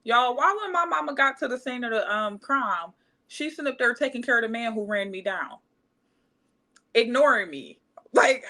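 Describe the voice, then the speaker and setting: A woman's voice: fairly high pitch, moderate pace. A woman in her thirties, a podcast guest telling her life story casually and acting out the voices of the people in it. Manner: animated, acts out quoted voices.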